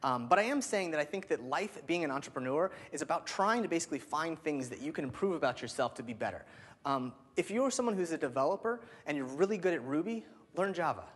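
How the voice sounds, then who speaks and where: A man in his thirties giving an energetic keynote speech, with lots of "um" and "like" fillers. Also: fairly high pitch, quick pace, husky. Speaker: keynote speaker. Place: large hall. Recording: long hall reverb.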